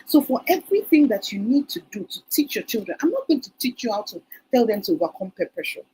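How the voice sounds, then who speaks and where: This conference speaker, talking in a hall about parenting, talks fast and tells stories, acting out parents' words. Her voice runs high, warm and husky with big pitch swings, and the audio quality is poor.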